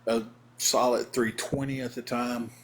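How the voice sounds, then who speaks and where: A man who used to wrestle professionally tells his old ring stories to a live chat. He talks in a casual, animated way and acts out the other people's voices. His voice sits at an ordinary middle pitch for a man. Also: a little slow, a little hiss or hum. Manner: animated storyteller acting out voices. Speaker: former pro wrestler telling stories. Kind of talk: casual live-stream storytelling.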